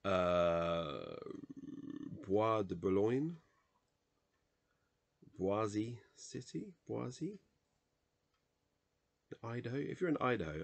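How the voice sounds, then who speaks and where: A man's voice: fairly low pitch, very animated, vocal fry. A man reading dictionary entries aloud late at night, sounding tired, stumbling over pronunciations and muttering self-corrections. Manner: reads words in a halting, self-correcting way with muttered asides. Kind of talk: casual solo reading vlog.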